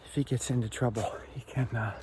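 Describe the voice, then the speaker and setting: A man's voice: mid-range voice, fairly even intonation, brisk, noisy background. A man vlogging casually with a swollen cheek after oral surgery, talking candidly and reflectively to the camera while he works on a door and walks outdoors. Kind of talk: casual vlog narration. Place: outdoors and around a house under renovation.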